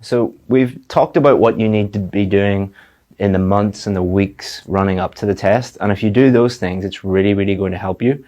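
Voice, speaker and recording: Male teacher, lowish voice, direct, repeats words for emphasis; video lesson. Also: moderate pace, warm tone. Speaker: IELTS teacher.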